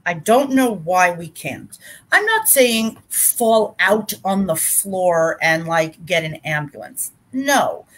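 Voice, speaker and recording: A middle-aged woman speaking earnestly and warmly about caregiving, restarting her sentences often, over a video call. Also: on the low side, big pitch swings, slow. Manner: earnest, heartfelt, with frequent restarts. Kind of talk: conversational advice talk.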